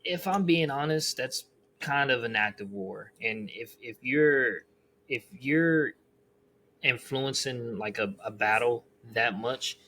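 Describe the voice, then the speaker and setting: A man co-hosting a casual podcast, talking in a low-key, hesitant way as he thinks aloud. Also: expressive, slow, bright, forceful tone, slight background noise.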